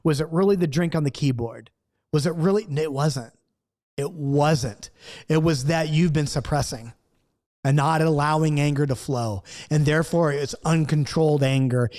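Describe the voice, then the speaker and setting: A man with a fairly high voice gives an impassioned Bible study to camera. He swings from loud acted-out outbursts down to quiet, earnest asides. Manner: acts out quoted outbursts, swings between loud and hushed. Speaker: Bible teacher.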